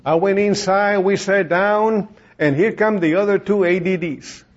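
A man with a high voice preaches from the pulpit, telling his story in a lively way and playing out the voices of the people in it. The recording is dull and lo-fi. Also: measured pace. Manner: storytelling, acts out quoted voices, laughs often. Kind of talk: sermon testimony.

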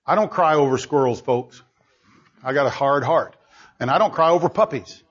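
A male preacher giving an emphatic sermon full of rhetorical questions, swinging between loud and hushed delivery, on a dull lo-fi recording. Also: a little high, normal speed, slightly rough.

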